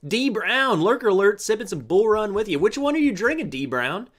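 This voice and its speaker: Very animated and talking a little fast, this livestream host has a voice that sits high with a fairly bright tone. He jokes around, reads comments, and welcomes viewers by name in a casual live chat.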